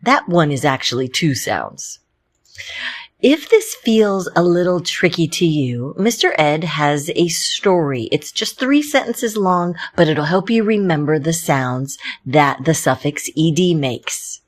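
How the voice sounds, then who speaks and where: This woman teaches a phonics lesson at an unhurried, deliberate pace. Her voice sits a little low, and she sounds out each letter slowly and clearly. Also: very animated.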